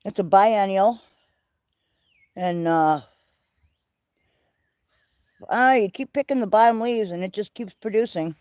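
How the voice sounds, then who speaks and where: A man hosting a livestream, walking through his greenhouse and garden and chatting in an excitable, rambling way. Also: high-pitched, slow, long pauses, clean tone, no room sound. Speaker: livestream host. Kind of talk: casual walking garden tour. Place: greenhouse and garden, partly outdoors.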